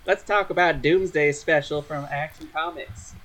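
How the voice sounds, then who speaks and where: A man's voice: a little high, fairly even intonation, normal speed, crowd noise. A man co-hosting a comics podcast, joking around in casual chat. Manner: joking, slips into silly cartoon voices. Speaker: podcast co-host.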